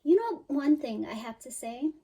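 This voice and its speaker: A woman's voice: high-pitched, sing-song, moderate pace, dark tone, rough recording. A woman giving a spiritual tarot reading, talking straight to her listener in an emphatic, soothing way, with sighs and quoted worries. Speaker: tarot reader.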